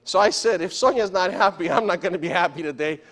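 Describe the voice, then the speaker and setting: A man's voice: high-pitched, quick pace, fairly bright tone. A man preaching a sermon in a church, telling stories and asking the congregation questions. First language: Spanish. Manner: storytelling, asks the congregation questions. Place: church sanctuary.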